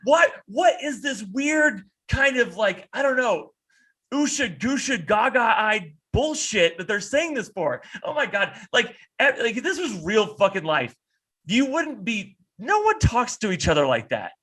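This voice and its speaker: A man co-hosting a podcast over a video call, ranting in an animated, profane way and slipping into mocking impressions. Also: extremely high pitch, measured pace, breathy edge. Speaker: podcast co-host.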